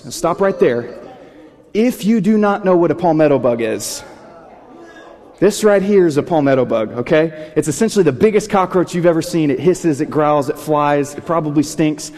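A man's voice: a little high, animated, moderate pace, darkish tone. A young man, a pastor, leading a crowd through a joking would-you-rather game before a sermon, upbeat and playful as he addresses the room. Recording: long reverb of a large hall.

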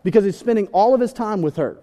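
A young man delivers a sermon with playful, animated energy, slipping into little acted-out bits. His voice sits high and swings widely in pitch. The sound carries the long reverb of a large hall. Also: fast talker. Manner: animated, joking, acts out voices. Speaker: pastor.

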